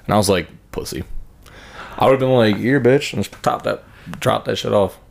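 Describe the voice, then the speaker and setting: A man's voice: lowish voice, quick pace, creaky. Crude rambling young man telling stories. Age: 20s. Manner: profane, rambling storyteller who acts out others' lines. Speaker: podcast host. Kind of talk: crude casual chat.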